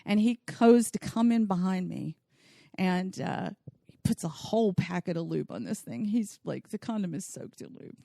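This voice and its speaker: A woman's voice: fairly low pitch, lively intonation, moderate pace, creaky, warm tone, no echo, studio quality. A woman telling a bawdy comic story from her own life on a podcast, laughing often and acting out the voices she quotes.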